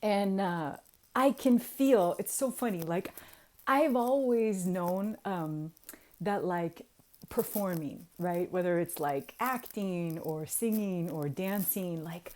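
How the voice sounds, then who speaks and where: A woman in her forties telling a story casually to her viewers, animated and laughing often, dropping to a hush and then getting loud. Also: on the low side, takes it slowly. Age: 40s. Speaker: vlogger.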